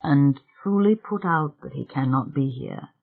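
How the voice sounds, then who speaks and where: A narrator voicing a solicitous white-haired Englishman with a clipped yet melodious English accent, speaking low and secretive. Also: a little slow, vocal fry. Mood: soothing. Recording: tinny phone-like sound.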